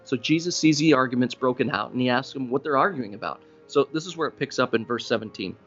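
A male pastor preaching a sermon in a relaxed, chatty storytelling manner, jumping up in pitch when he stresses a point. His voice sits in a middle range and the recording sounds a bit dull, with faint music under it. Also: fast. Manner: conversational storytelling preacher, animated rises for emphasis.

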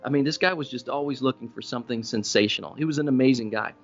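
A male pastor preaching a sermon in a relaxed, chatty storytelling manner, jumping up in pitch when he stresses a point. His voice sits in a middle range and the recording sounds a bit dull, with faint music under it. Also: quick pace. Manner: conversational storytelling preacher, animated rises for emphasis.

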